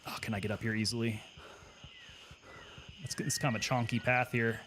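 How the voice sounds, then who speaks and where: Male streamer, mid-pitched, casual and chatty, thinks aloud while playing, faint background hiss. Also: little pitch movement, normal speed. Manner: chatty, thinks aloud, answers chat questions. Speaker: gaming streamer and Army veteran. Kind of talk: casual live gameplay commentary.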